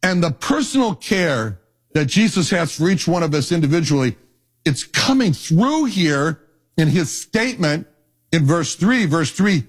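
An older man giving a sermon as pastor, telling folksy personal stories with an animated, conversational delivery. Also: fairly high pitch, measured pace, slightly rough. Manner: storytelling, animated, folksy asides.

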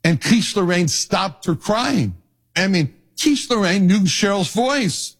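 An older man giving a sermon as pastor, telling folksy personal stories with an animated, conversational delivery. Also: high voice, takes it slowly, breathy edge. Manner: storytelling, animated, folksy asides.

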